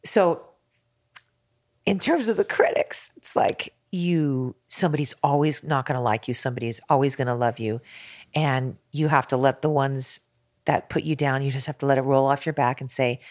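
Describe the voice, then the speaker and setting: A woman's voice: rumbling low, moderate pace, darkish tone, dry recording, clean studio sound. A middle-aged woman, a singer and interview guest, tells her story candidly and with emphasis. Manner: frank and emphatic, acts out quoted exchanges.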